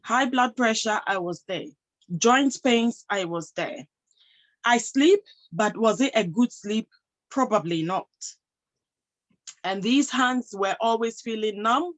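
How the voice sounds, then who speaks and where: A woman's voice: on the high side, slow, poor audio. A woman giving a motivational talk to an audience, emphatic, posing rhetorical questions and answering them herself. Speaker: motivational speaker and health professional.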